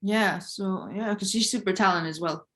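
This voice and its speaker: A woman's voice: mid-range voice, moderate pace, a bit bright. A woman as a podcast guest, talking in an easygoing, casual way. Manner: easygoing, many "like" fillers. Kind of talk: casual interview.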